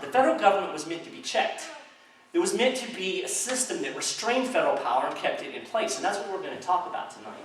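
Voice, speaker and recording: Brief: man lecturing a crowd, animated storyteller, roomy hall sound with faint noise. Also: a little high. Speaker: speaker. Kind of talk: public talk to a crowd. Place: chamber of commerce hall. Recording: echoey hall, distant mic, faint noise.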